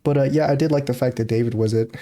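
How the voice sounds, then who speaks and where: A man's voice: mid-range voice, steady tone, fast talker, dark tone. A man co-hosting a podcast in casual, joking chat, acting out movie scenes in little voices. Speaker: podcast co-host.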